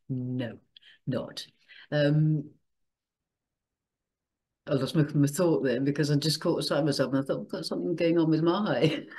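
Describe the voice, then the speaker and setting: A woman's voice: deep voice, a little mellow. An older woman hosting her channel, chatting casually and emotionally, laughing often as she tells a personal story. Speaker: channel host.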